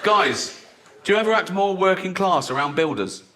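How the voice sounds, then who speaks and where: A man's voice: sits high, animated, moderate pace, heavy background noise. An English man in his sixties doing a stand-up set on stage, brash and mocking, often laughing at his own lines. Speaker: stand-up comedian. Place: large theatre with a live audience. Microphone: stage microphone. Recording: live stand-up with loud audience laughter. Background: audience laughter.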